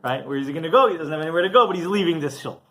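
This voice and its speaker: A man, a rabbi, telling a story in a casual, animated sermon with frequent restarts and asides. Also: on the high side, very fast.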